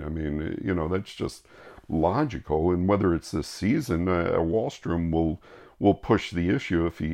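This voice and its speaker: A middle-aged man hosting a podcast, talking casually in a flat, monotone way with many fillers and restarts as he answers listener questions. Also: low-pitched, creaky.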